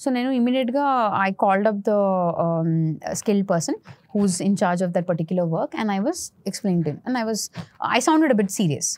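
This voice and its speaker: Fast-talking woman, frank and explanatory. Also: mid-range voice, lively intonation, a little mellow, no echo. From India. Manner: frank, explanatory, many "uh" and "you know" fillers. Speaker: interior designer and architect guest. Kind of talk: podcast interview, mixing Telugu and English.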